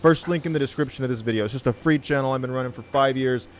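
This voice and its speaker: Laid-back male trading tutor, blunt and profane, mid-pitched voice. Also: racing, slight background noise. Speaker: trading educator. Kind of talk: casual video tutorial.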